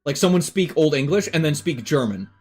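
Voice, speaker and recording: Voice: medium pitch, animated, fairly quick, a little mellow, breathy edge, rough recording. Swearing streamer on a tangent. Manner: rambling enthusiastic tangents with swearing. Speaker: live streamer. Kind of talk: casual stream chat.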